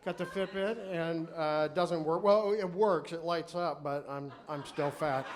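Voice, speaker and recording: Guy doing standup, kinda high voice, rambly and self-mocking, noisy club crowd laughing behind. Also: steady tone, measured pace. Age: middle-aged. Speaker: stand-up comedian. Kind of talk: stand-up routine. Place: comedy club stage. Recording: live club recording with crowd noise. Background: audience laughter.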